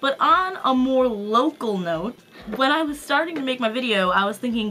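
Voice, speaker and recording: A woman's voice: high voice, expressive, moderate pace, pushed and bright. A young woman from Wisconsin, chatting bubbly and self-mocking in a casual vlog. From Wisconsin, USA. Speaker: collab video vlogger.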